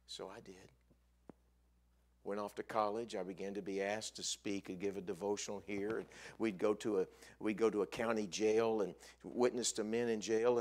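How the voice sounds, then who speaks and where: A male evangelist preaching a sermon in a church, telling a story with lively, animated delivery that climbs high for emphasis. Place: church sanctuary.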